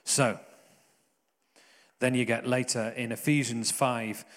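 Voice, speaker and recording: A man's voice: mid-range voice, steady tone, slow, long pauses, a bit bright, big-room sound. A man preaching a sermon, earnest and conversational, with jokey asides.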